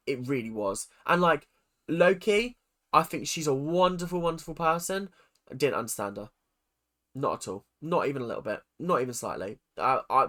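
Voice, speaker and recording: Bright-voiced chatty man ranting. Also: mid-range voice. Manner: chatty, opinionated, frank, swears casually. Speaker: YouTube commentator. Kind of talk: casual rant to camera.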